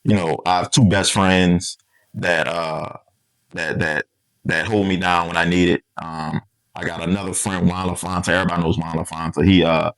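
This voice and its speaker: A man's voice: low-pitched, level tone, moderate pace, a bit bright, no echo, poor audio. A young man, a community organization founder talking earnestly in an interview, often adding "right?" and "man". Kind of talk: casual interview conversation.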